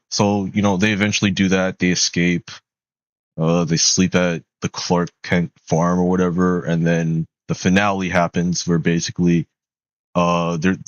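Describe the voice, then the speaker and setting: A man's voice: low voice, dry recording. A man casually recapping and reviewing a movie, talking loosely with lots of fillers and slang, cursing when he gets exasperated. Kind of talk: casual rambling film recap. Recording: dull lo-fi sound.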